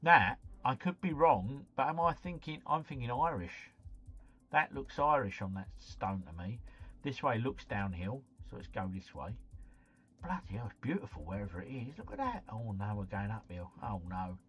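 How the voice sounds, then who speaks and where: A man's voice: mid-range voice, very animated, normal speed, fairly bright tone, breathy edge. Man muttering through a live stream. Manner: thinks aloud, muttering then exclaiming. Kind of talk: live-stream commentary while playing a geography guessing game. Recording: slightly muffled, faint background music.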